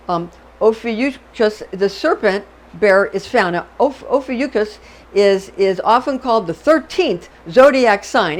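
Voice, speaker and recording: A middle-aged woman hosting an astrology talk, chatty and digressive, often repeating herself and checking in with "okay?". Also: on the high side. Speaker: astrology channel host. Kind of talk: unscripted astrology lecture.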